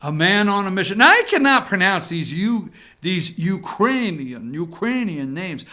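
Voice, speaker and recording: A man hosting an opinion show, giving casual political commentary in an animated, sarcastic way that swings from loud outbursts to low muttering. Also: moderate pace.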